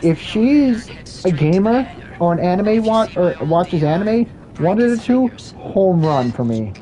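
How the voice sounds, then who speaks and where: A gaming vlogger rants casually as he plays, rambling, repeating himself and restarting sentences again and again. His voice sits high with big pitch swings, a little slow and mellow, on a low-quality recording.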